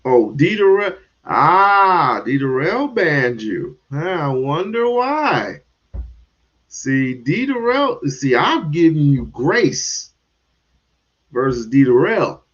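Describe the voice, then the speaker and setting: A man's voice: fairly high pitch, big pitch swings, slow, a bit bright. Male stream host, blunt and drawling, talks to chat at a crawl; muffled lo-fi sound. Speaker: livestream host. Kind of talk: livestream commentary.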